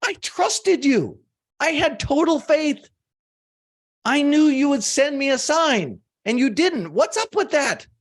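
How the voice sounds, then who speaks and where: A man's voice: extremely high pitch, a little slow, a bit bright, voice pushed up, exaggerated voice. A man voicing a stubborn devout man who insists on waiting for a sign, in a raised, defiant tone during a live talk. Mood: indignant. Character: stubborn devout man refusing rescue, adult.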